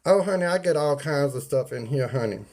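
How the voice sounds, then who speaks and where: This livestreamer talks fairly quickly with lively intonation in a medium-pitched, slightly mellow voice. His casual rant to viewers is folksy and preachy, peppered with y'all and ain't, circling his points, and greeting chat users by name.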